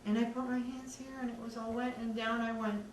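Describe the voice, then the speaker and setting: A woman earnestly recounting her own story in a measured way, with many pauses. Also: fairly high pitch, little pitch movement. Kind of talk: personal testimony. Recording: echoey room, distant mic, faint background noise.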